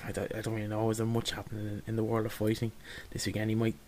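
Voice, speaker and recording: A man hosting a casual sports podcast, introducing segments with frequent pauses and "um"s. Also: on the low side, completely flat delivery, darkish tone, a little hiss or hum. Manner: runs the show, with frequent "um"s. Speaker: podcast host.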